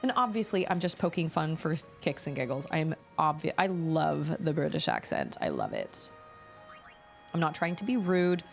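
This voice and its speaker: A woman's voice: low-pitched, very animated, moderate pace, vocal fry, long pauses, soft background music. A woman streaming a game, chatting casually and musing aloud as she sorts through menus, repeating item names under her breath. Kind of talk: casual live-stream chat while playing.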